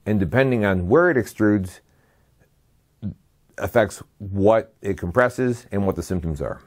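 A man's voice: on the low side, expressive, unhurried. A man giving a slide lecture as a medical lecturer. He lists terms one by one in a methodical way and adds brief dry asides.

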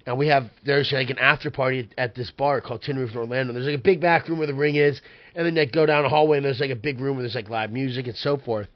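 A man's voice: mid-range voice, fast, highs cut off. Profane, rambling man telling a story. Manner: profane, animated, rambling with many "like" fillers. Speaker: podcast guest, pro wrestler. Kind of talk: casual storytelling.

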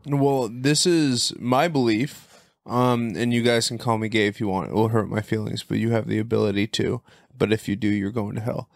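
A man's voice: on the low side, steady tone, normal speed, creaky, no echo. Earnest, rambling man in banter. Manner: earnest, rambling, loses his thread. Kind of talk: casual comedic chat.

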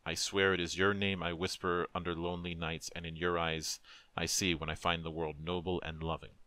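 A man voicing a grieving young husband who pleads in a hushed, breaking voice in a storybook reading. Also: sits low, flat delivery, a little fast, no room sound. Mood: tender.

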